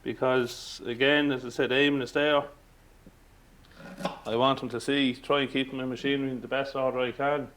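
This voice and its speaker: A man's voice: medium pitch, level tone, normal speed, a bit bright. Irish male farmer, earnest and plain, faint noise behind. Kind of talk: documentary interview.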